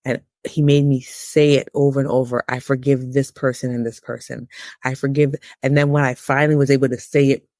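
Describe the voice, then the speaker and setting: A woman in her thirties giving a candid personal testimony as an interview guest, with emotional, preacher-like rises in pitch. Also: level tone, a little fast, a little mellow, no room sound, clean studio sound.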